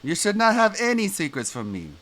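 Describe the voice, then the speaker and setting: A man doing a wounded, halting movie lover. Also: high-pitched, heavily acted. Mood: defensive. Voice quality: odd, broken phrasing and stilted delivery. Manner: swings between melodramatic pleading and flat reassurance. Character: brooding, wounded man with strange halting phrasing. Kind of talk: movie impression on a stream.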